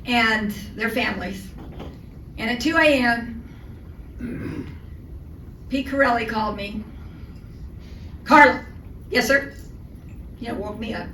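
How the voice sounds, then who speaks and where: An older woman giving a luncheon talk as a guest speaker, telling animated anecdotes with comic timing. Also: a little high, a little slow, long pauses. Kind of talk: storytelling speech. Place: luncheon hall. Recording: echoey hall from far off, noisy.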